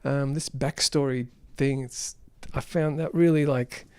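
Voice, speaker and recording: A man's voice: medium pitch, steady tone, unhurried, smooth, no echo. A man giving an unrehearsed film review, rambling and exasperated.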